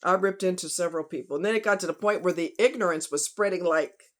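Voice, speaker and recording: This woman talks fast in a fairly low-pitched voice. On her casual true crime vlog she's blunt and fired-up, speaking heatedly and outspokenly to viewers she calls y'all and honey.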